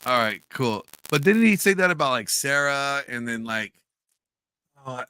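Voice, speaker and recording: A man's voice: medium pitch, lively intonation, pushed and bright, clean tone, dry recording, clean studio sound. A man hosting a live stream, chatting loosely with plenty of fillers and restarts. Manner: loose, halting, many fillers. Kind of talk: casual chat.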